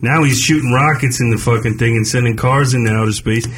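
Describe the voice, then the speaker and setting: A man's voice: medium pitch, brisk, husky. A man co-hosting a comedic radio talk show, reading news items aloud and cutting in with his own takes. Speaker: co-host.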